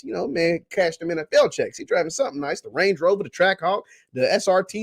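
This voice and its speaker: A man hosts a casual livestream chat, reading viewer comments in a slangy, teasing way that swings between loud and quiet. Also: sits high, big pitch swings, fast talker, few pauses, slightly rough, no echo.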